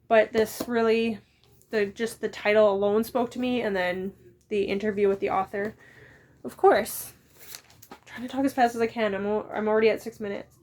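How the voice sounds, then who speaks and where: A woman in her thirties with a fairly high voice talks casually about her books. She rambles and drifts into quick asides. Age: 30s. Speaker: book vlogger. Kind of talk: casual chat.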